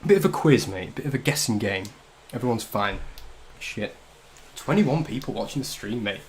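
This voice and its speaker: A man's voice: on the low side, animated, moderate pace, a little hiss or hum. A man from the north of England hosting a casual drinking livestream, cracking jokes and swearing with loose banter. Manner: swearing, joking banter with frequent laughs. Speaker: livestream host. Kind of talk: casual drinking-stream chat.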